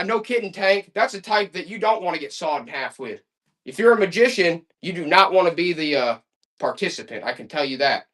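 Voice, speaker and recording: Excitable male auction-stream pitchman. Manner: excitable, hyped-up pitchman with loud exclamations. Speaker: live online auction host. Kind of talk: live-stream selling patter.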